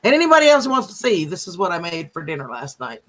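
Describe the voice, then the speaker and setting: A man's voice: high voice, huge pitch swings, fast talker, pushed and bright. A man hosting a casual livestream chat, talking proudly and chattily about his cooking. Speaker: livestream host.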